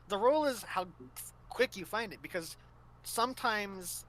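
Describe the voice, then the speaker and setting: A man with a bright, slightly high voice hosting a casual talk show. He tells tabletop game stories in a loose, rambling way, full of fillers. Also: animated, a little slow. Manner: rambling storytelling with many fillers. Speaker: host. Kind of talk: casual chat.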